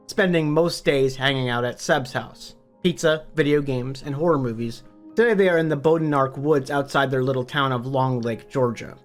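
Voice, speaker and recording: A man's voice: mid-range voice, a bit bright. A man narrating a book summary for his online channel, upbeat and conversational, with the odd casual swear. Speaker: book review YouTuber.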